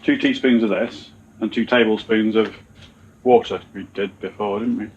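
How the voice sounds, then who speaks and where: A man's voice: lowish voice, fairly even intonation, normal speed, highs cut off, background noise. A man in casual kitchen banter as a podcast co-host, wry and rambling, laughing often.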